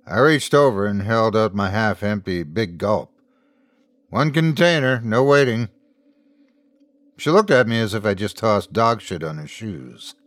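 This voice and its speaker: A man's voice: fairly low pitch, normal speed, hardly any pauses, no room sound. A man narrating a scripted horror story as host, in a dry, close recording. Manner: storytelling, expressive.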